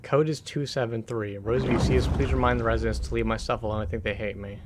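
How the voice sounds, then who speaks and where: A man's voice: medium pitch, fairly even intonation, fast, background noise. Sex: man. Role: dry, sarcastic game streamer. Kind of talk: casual let's-play commentary.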